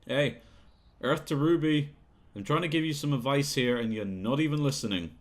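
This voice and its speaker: A man's voice: medium pitch, normal speed, lightly acted. A man voicing a manipulative, bullying male talent manager who talks down to a young singer, in a video game playthrough. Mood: sneering. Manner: condescending, bullying, sneering.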